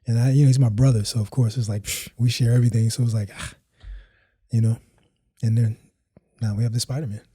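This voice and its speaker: A man's voice: medium pitch, level tone, quick pace, long pauses, dark tone, breathy edge, dry recording, clean studio sound. A man, a house dancer guesting on a podcast, telling his story in a laid-back, slangy, rambling way and acting out what his friends said.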